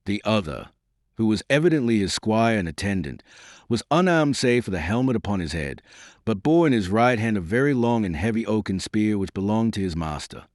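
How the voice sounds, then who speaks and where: A man narrates an old adventure novel in a steady storytelling manner. His voice is low, with a lively, varied pitch, and the recording is dry and close. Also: no echo. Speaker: audiobook narrator. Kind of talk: scripted narration.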